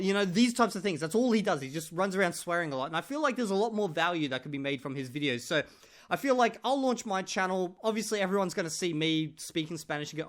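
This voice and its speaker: High-voiced and expressive, he talks fast as he jokes around with his viewers, whom he calls "guys." It's casual to-camera talk from a language-learning vlogger.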